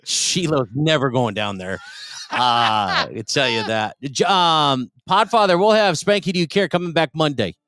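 A man hosting a podcast, loud and laughing, swearing often with mock exasperation. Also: a little high, lively intonation, normal speed. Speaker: podcast host. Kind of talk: crude casual banter.

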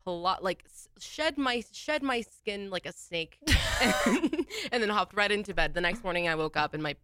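A woman in casual chat, telling a lively, joking story. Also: mid-range voice, normal speed, clean tone, dry recording.

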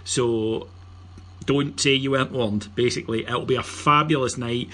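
A man's voice: mid-range voice, fairly even intonation, moderate pace, bright, forceful tone. A middle-aged man with a Scottish accent hosting a podcast, joking and bantering as he reads out announcements. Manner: joking, banter-heavy, promotional. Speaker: podcast host. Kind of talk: casual podcast chat.

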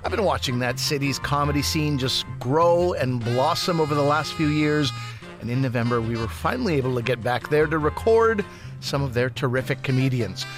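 A man's voice: medium pitch, expressive, normal speed, over music. A man hosting a comedy podcast, reading an upbeat, welcoming introduction. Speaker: podcast host. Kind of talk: scripted show introduction.

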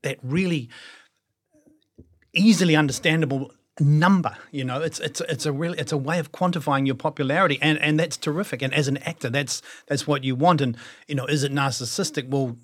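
A man's voice: fairly high pitch, fairly quick, fairly bright tone. Reflective middle-aged New Zealand man. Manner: reflective, self-deprecating, many restarts. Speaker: actor guest. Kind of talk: casual interview chat.

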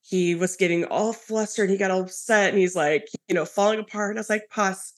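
A woman hosting a podcast, telling a story in a lively, casual way with many fillers. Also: medium pitch, fairly quick. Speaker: podcast host. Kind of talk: casual conversational interview.

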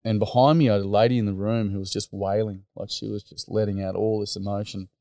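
Low, smooth Australian man telling stories. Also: steady tone, fast, dark tone, dry recording, clean studio sound. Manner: casual, blokey storytelling full of "mate" and fillers. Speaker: teacher and mentor, interview guest. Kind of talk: storytelling in a podcast interview.

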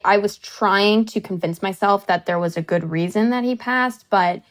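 A woman actress talks through her work in a casual interview, chatty and animated. Her voice sits at an ordinary middle pitch, and she tumbles from one aside into the next. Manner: chatty, animated storytelling with quick asides and laughs.

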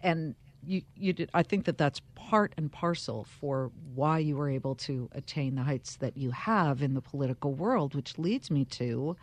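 A woman interviewer who asks long, expressive questions and shares her own stories in conversation. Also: deep voice, normal speed, few pauses.

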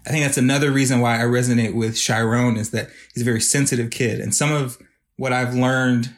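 In a casual podcast chat, a man who creates videos talks with a steady tone in a mid-range voice, moving briskly. He sounds earnest and reflective, and he's open about his feelings.

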